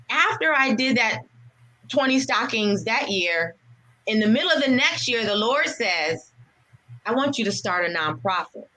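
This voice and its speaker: A woman's voice: fairly high pitch, sharp tone, low-quality recording. A woman, a veteran, telling her story of faith and service in an earnest, heartfelt way during an interview. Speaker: guest, veteran and nonprofit founder. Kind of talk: personal testimony in an interview.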